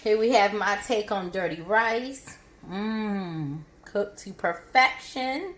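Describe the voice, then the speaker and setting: A woman's voice: medium pitch, slow pace, a bit bright. Chatty woman showing how she cooks. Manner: chatty step-by-step explaining. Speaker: home cook vlogger. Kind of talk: cooking demonstration.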